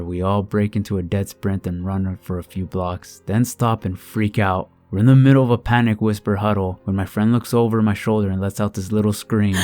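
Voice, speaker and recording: A man reading submitted true scary stories aloud, with a steady, even delivery. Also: fairly low pitch. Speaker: horror story narrator. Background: soft background music.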